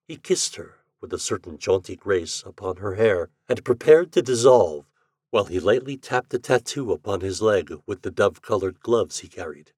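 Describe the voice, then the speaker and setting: A man reading a story aloud as a guest, with a measured, expressive narration. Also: on the low side, breathy edge, no room sound, clean studio sound. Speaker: guest reader.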